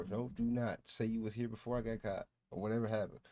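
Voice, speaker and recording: A man from Ohio hosting a casual livestream, ranting loudly and joking with lots of swearing. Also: lowish voice, fairly even intonation, fast. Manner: loud, profane, joking rant. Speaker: stream host.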